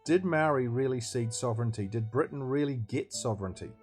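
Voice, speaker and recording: A man's voice: mid-range voice, a little fast, soft background music. A man delivering scripted political commentary in an emphatic, combative way, hitting key words hard.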